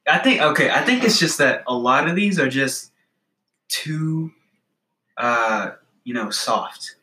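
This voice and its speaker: A man with a bright, clear-edged voice chats through a list of jokes with a friend, circling back and restarting his thoughts. His delivery stays playful and rambling, never scripted. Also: medium pitch, expressive, slow pace, roomy sound, poor audio. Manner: rambling, self-interrupting, playful. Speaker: co-host reading jokes. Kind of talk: casual comedic chat.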